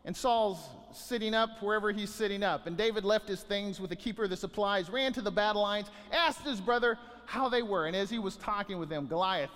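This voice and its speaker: A man preaching a sermon as pastor, animated, often restarting and repeating words. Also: high voice, big-room sound.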